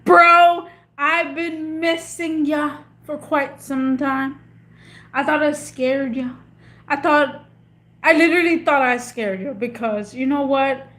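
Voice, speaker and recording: A woman's voice: high-pitched, fairly even intonation, slow pace, fairly bright tone. A woman chatting casually with viewers on a livestream, emotional and slangy, rambling with lots of restarts. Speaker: livestream host.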